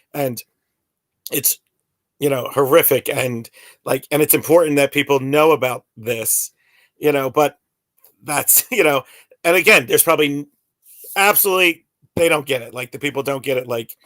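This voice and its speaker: A man's voice: mid-range voice, moderate pace, pauses often, fairly bright tone, dry recording. A man in his forties, talking in a rambling way full of fillers and restarts in a casual podcast chat. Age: 40s.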